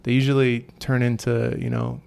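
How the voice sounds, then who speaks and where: A man's voice: medium pitch, big pitch swings, normal speed, creaky, a little mellow, clean tone. A man chatting casually about riding bikes, rambling with lots of fillers. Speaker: cyclist sharing stories. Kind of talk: casual chat.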